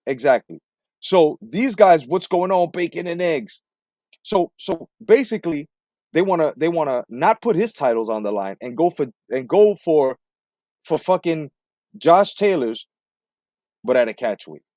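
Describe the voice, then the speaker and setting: A man's voice: on the high side, animated, a little slow, a little mellow, no echo, clean studio sound. A man hosting a boxing commentary stream, ranting in a combative, profane way and repeating himself for emphasis. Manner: combative, repetitive, swearing heavily. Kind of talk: profane live-stream rant.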